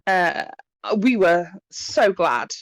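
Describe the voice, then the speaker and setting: Eager polite young gent, woman voicing him, gushy, lowish. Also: lively intonation, very slow, no room sound, full character voice. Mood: effusive. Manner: effusive and polite.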